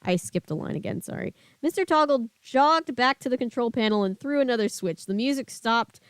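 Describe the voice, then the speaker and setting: A woman's voice: a little high, lively intonation, a little fast, clean tone, dry recording. A woman streamer reading a book aloud and chatting casually with her live chat.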